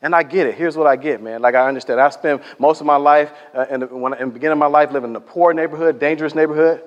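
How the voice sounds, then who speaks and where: A man's voice: a little high, rapid-fire, dull audio. A man preaching a sermon in a conversational, storytelling way, acting out the people he quotes. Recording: echoey hall reverb.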